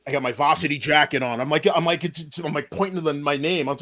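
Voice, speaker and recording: A man's voice: a little high, fast talker, fairly bright tone. A man in his forties telling a long personal story in an interview, acting out the voices of the people in it. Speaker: deputy police chief, podcast guest.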